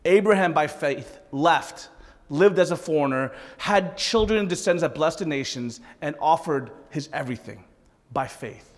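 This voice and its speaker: A male pastor delivers a sermon in a high, very lively voice, tossing joking asides to his congregation. His voice carries a long reverb through a large hall. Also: normal speed.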